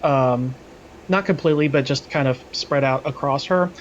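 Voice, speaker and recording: A man's voice: mid-range voice, normal speed, muffled recording, slight background noise. A man narrating a tabletop game as its game master, in a loose, hesitant way with many fillers.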